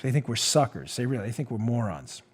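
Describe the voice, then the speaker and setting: A man's voice: mid-range voice, big pitch swings, fast talker, husky. A man hosting a political talk show, giving sarcastic, mocking commentary into a studio mic and laughing at his own jabs. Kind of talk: opinionated commentary.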